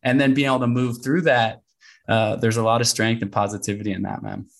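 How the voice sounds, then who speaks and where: A man, a guest on a podcast, telling adventure stories in a lively way and acting out his own inner voice. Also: mid-range voice, fairly quick, gravelly. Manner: animated storyteller who acts out his inner voice. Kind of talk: podcast conversation.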